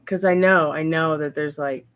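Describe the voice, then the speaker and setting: A woman reading tarot on a live stream, chatting casually with viewers and rambling in halting, restarting sentences. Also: deep voice, steady tone.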